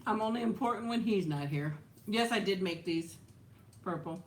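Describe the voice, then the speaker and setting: At a moderate pace and medium pitch, a livestream host chats casually with her audience and responds to their comments. She laughs frequently and tends to let sentences trail off with "so".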